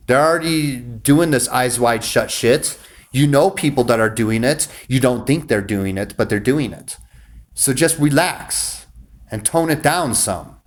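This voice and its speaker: Man, casual rant, rambling, profane, stop-start sentences, mid-pitched voice. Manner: rambling, profane, many restarts. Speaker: vlogger. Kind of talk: casual ranting monologue.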